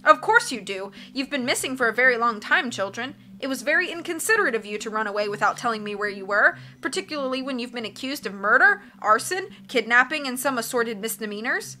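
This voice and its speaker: A pompous, coughing middle-aged banker, as a woman reader puts him on, all bluster and scolding. His voice rides a touch higher than a man's usually would and rings bright and forceful, pushed loud as he barks orders. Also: lively intonation, brisk, hardly any pauses. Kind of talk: audiobook character reading.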